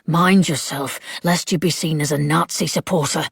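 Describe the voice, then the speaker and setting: A woman's voice: low voice, fairly even intonation, normal speed, creaky, husky, no echo, exaggerated voice. A woman voicing Mister Stokes, a stern male warden who speaks dryly and impatiently. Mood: warning. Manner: dry, impatient, clipped. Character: stern older male warden, cautious, dismissive.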